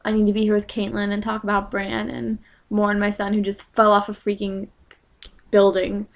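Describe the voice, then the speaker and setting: A woman's voice: mid-range voice, level tone, moderate pace, vocal fry. A young woman casually recapping a book chapter in a rambling, sarcastic way, full of fillers and side jokes. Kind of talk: casual chat.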